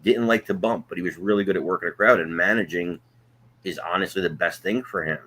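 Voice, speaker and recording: Jersey guy, deep husky voice, rambly storyteller w lots of um and like, chatting on a podcast. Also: fast talker, sharp tone. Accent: New Jersey. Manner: rambling storyteller, frequent fillers. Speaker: wrestling promoter and podcast co-host. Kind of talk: casual chat.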